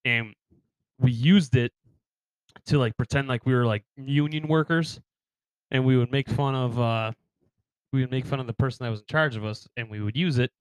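A man's voice: mid-range voice, clean tone, no echo, rough recording. A man with a New York accent co-hosting a podcast, chatting casually, laughing often and swearing freely. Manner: laughs often, swears, quick comic impressions. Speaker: podcast co-host. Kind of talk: casual banter.

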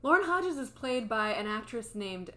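A woman's voice: fairly high pitch, big pitch swings, normal speed, bright, forceful tone. Wry woman podcast co-host. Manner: wry, laughs easily, mocks the film. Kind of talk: casual chat reviewing a movie.

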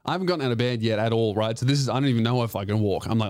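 A man telling a comedic story on his podcast, animated and swearing, acting out the other voices. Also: medium pitch, racing, few pauses, dry recording, clean studio sound.

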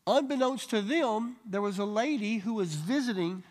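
With a somewhat high voice, a man teaches his church's Bible study group and shares healing stories. His delivery is animated, and he shifts quickly into quoted voices.

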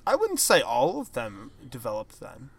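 A young man co-hosting a podcast, rambling and hedging in casual chat, often trailing off quietly. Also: medium pitch, huge pitch swings, moderate pace, creaky, husky. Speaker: podcast co-host.

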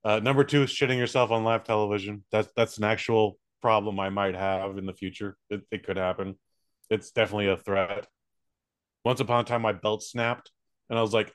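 A man co-hosting a comedy podcast, telling crude stories with excitable, profane outbursts. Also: on the low side, brisk, no echo, studio quality. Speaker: podcast co-host.

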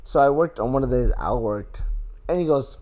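A man's voice: mid-range voice, brisk, faint music behind. A man guesting on a friend's podcast, telling stories with lots of laughter. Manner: animated storyteller, laughs often. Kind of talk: casual chat between friends.

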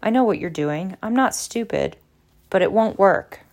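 A woman's voice: mid-range voice, moderate pace, vocal fry, close to an everyday voice. A woman reading aloud as a sulky, defiant teenage boy who jeers and snaps back. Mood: defiant, angry. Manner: angry, jeering and defiant.

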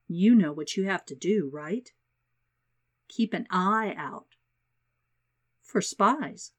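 Lady podcast host reading out a spy story, friendly and measured. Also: lowish voice, animated. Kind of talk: storytelling narration.

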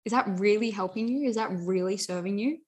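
A woman's voice: mid-range voice, brisk, darkish tone. A young adult woman giving an earnest motivational talk, repeating phrases and often saying "you know" and "like". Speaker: self-help speaker.

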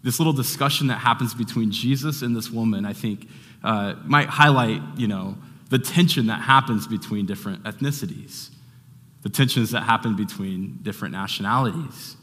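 A man's voice: fairly low pitch, normal speed, pushed and bright, long reverb tail. A man giving a sermon as a pastor, talking in a loose, conversational way with restarts and fillers.

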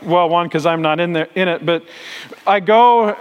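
Pastor, high voice, echoing hall. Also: male voice, normal speed, smooth, muffled recording. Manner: acts out the voices of the people in his stories. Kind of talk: sermon storytelling. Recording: long reverb in a large hall.

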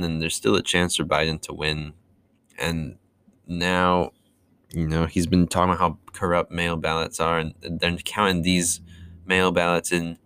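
A man's voice: low voice, a bit bright, clean tone. A young man recording a casual audio diary, rambling and sarcastic, with many fillers and restarts. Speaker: vlogger.

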